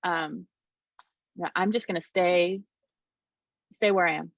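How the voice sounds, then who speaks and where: A woman's voice: fairly low pitch, slow, gravelly, no room sound. A woman in her forties chatting on a podcast panel about youth ministry, laughing often and poking fun at herself. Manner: lively, laughs often, self-mocking. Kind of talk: casual podcast chat. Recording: dull dry lo-fi audio.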